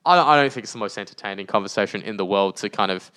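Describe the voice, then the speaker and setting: A man co-hosting a podcast in casual chat, animated and joking, in a large open room. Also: fairly low pitch, very fast, clean tone. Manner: animated, joking, often laughing. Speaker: podcast co-host.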